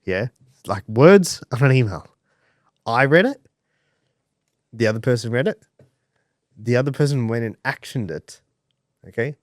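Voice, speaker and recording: A man co-hosting a podcast in casual chat, talking in an animated way, swearing and acting out the voices he quotes. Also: medium pitch, measured pace, pauses often, dry recording, studio quality. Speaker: podcast co-host.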